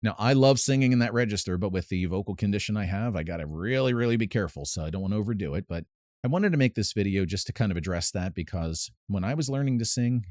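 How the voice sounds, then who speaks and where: Man, vocal coach, deep voice, dry close mic, casual lesson, pedantic. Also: expressive, fast, darkish tone, dry recording. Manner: pedantic, explains with sung demonstrations. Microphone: close mic with added reverb at times.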